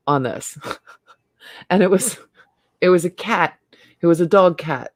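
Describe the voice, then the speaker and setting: A middle-aged woman hosts a casual livestream chat, talking freely, laughing often, and trailing off before restarting. Her voice is lowish, and the recording is dry and studio quality.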